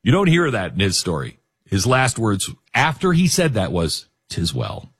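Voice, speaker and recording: Male talk host, husky low voice, lively storytelling. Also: moderate pace. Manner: animated, jokey asides. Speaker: radio talk show host. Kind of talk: storytelling monologue.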